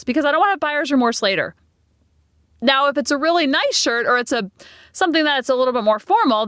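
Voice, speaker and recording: Chatty woman with a lively, high voice. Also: dry recording, clean studio sound. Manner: chatty, self-deprecating, dramatizes old stories with quoted voices. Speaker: podcast host. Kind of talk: casual solo podcast monologue.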